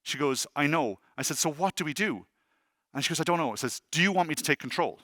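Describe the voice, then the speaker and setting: A man, in his thirties or forties, giving a conference talk as an animated, self-deprecating storyteller who acts out the dialogue. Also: a little high, fast talker, no echo, studio quality. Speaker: conference speaker. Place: conference hall stage.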